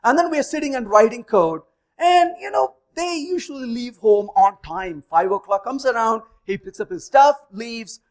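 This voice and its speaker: Animated storytelling man speaker. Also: very high voice, normal speed. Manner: animated, acts out dialogue in stories. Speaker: conference speaker. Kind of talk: storytelling technical talk.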